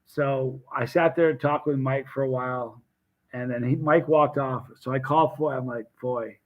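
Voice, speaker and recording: A man hosting a casual live stream, telling animated stories with restarts and acted quotes. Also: mid-range voice, moderate pace, phone-quality sound. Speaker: hot sauce seller and channel host.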